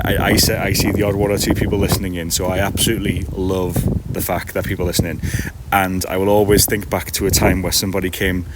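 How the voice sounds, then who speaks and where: A man, chatting casually and self-deprecatingly to a live-stream audience from an outdoor market stall, laughing often. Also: sits low. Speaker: streamer and podcast host. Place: outdoor market stall in the early morning, seagulls around. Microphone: iPad. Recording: outdoor background noise.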